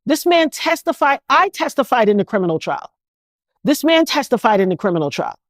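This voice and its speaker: A middle-aged woman from New York, an interview guest telling her own story in an animated, indignant way and slipping into other people's voices. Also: sits high, a little fast, dry recording. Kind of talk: emotional first-person storytelling.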